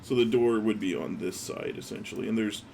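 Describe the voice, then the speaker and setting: A man's voice: fairly low pitch, steady tone, brisk, vocal fry, darkish tone, a little hiss or hum. A man running a tabletop game as dungeon master, narrating loosely with many fillers and restarts.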